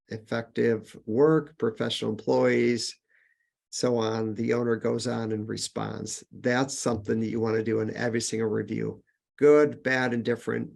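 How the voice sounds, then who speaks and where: A man's voice: on the low side, gravelly, a little mellow. A man presenting a business webinar in a conversational manner, with frequent fillers and restarts, lifting his voice on each numbered point. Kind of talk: casual webinar teaching.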